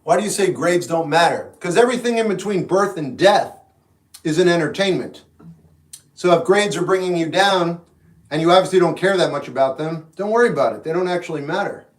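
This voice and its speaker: A man hosting a livestream, answering chat questions in a relaxed, frank, musing way. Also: a little high, fairly quick. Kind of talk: casual live chat. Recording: echoey room, mic at a distance. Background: guitar music in the background.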